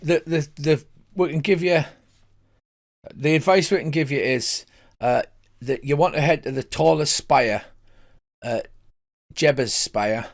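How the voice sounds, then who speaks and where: A man's voice: on the high side, unhurried. An older man narrating as game master, hesitant, with many fillers.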